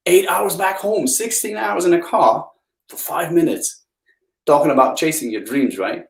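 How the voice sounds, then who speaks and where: A Belgian man, appearing as a guest on a live video interview, tells stories with enthusiasm, swinging his pitch upward for emphasis. He speaks at a moderate pace with some vocal fry. The video-call audio is rough and the room echoes.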